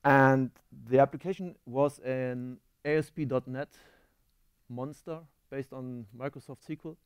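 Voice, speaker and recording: A man's voice: mid-range voice, fairly even intonation, unhurried, clear, resonant tone, dry recording, clean studio sound. German-accented man giving a conference talk. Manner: self-deprecating, quizzes the audience. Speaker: conference speaker. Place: conference hall stage.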